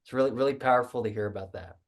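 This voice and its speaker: A man's voice: medium pitch, racing, a crowd in the background. A man hosting an interview, stammering and restarting his words as he responds and asks questions. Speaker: interview host.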